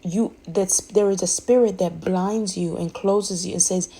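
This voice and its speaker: A woman's voice: fairly low pitch, steady tone, a little slow, gravelly, warm tone, husky, low-quality recording. A woman speaking candidly in a rambling, emphatic way, often restarting her sentences. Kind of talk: candid personal monologue.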